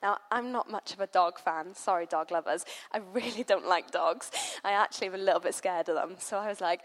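A woman's voice: lowish voice, fairly quick. A young woman giving a casual church talk, opening with a story and speaking chattily with many "like"s and "you know"s. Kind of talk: casual sermon with anecdote.

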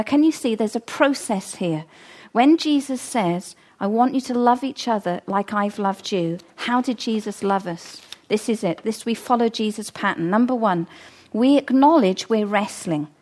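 A woman's voice: medium pitch, a little mellow. A middle-aged woman preaching a sermon, earnest and emphatic, repeating her key phrases.

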